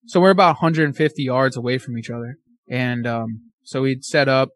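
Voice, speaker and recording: A man telling a hunting story as a podcast guest, animated, acting out his own and his friend's words. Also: mid-range voice, a little fast.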